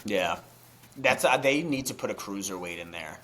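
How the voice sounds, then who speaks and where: A young man co-hosting a podcast in casual chat, excitable and swearing freely, rambling through restarts. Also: lowish voice, normal speed, a little hiss or hum. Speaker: podcast co-host.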